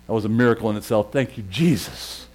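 A middle-aged male pastor preaching and telling a lively personal story, shouting and laughing at its peaks. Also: lowish voice, quick pace.

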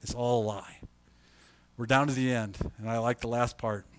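A pastor preaching in a conversational way, reading scripture aloud and rising to loud emphasis. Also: male voice, mid-range voice, steady tone, normal speed, dry recording. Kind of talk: sermon.

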